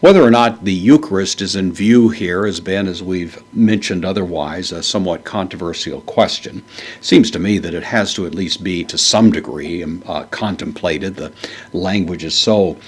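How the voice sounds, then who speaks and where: A man teaching a Bible verse word by word, parsing each word in a measured way with frequent fillers. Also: sits low, slightly rough. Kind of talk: unscripted Greek verse lesson.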